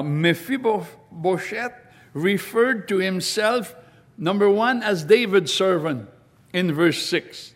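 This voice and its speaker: A man preaching a sermon, reading scripture aloud and explaining it slowly and deliberately. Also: high-pitched.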